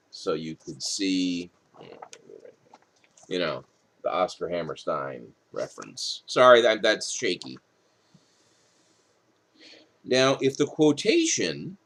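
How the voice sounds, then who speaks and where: A man's voice: lowish voice, fairly bright tone. A male writing instructor, tired late at night, reads rules from a textbook in a recorded lecture and explains them with casual asides.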